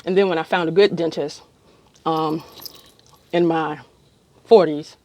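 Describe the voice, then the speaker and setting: A woman's voice: deep voice, fairly even intonation, unhurried, darkish tone. A middle-aged woman casually telling a long, rambling story to camera with many ums. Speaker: vlogger.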